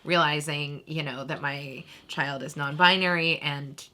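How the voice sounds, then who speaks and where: A woman's voice: deep voice, steady tone, a little slow, bright, forceful tone. A young woman co-hosting a podcast in casual chat, talking loosely with many "like" fillers. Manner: chatty, lots of "like" fillers. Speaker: podcast co-host.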